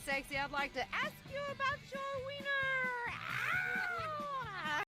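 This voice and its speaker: A man putting on a squeaky, pitched-up catcalling prankster voice that delivers crude, flirty come-on lines through a voice changer. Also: very animated, slow pace, sharp tone, faint music behind, exaggerated voice.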